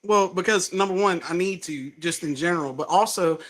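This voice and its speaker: A man's voice: sits high, fairly quick. A man with a Southern US accent, a stand-up comedian chatting casually and acting out his stories with lots of laughter. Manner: animated storytelling, laughs often, acts out quotes. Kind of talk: casual chat.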